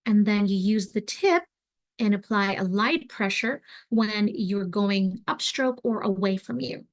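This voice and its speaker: A young adult woman teaching an online craft class, talking in a relaxed, chatty way with lots of fillers as she demonstrates. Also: medium pitch, a little slow. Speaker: craft instructor.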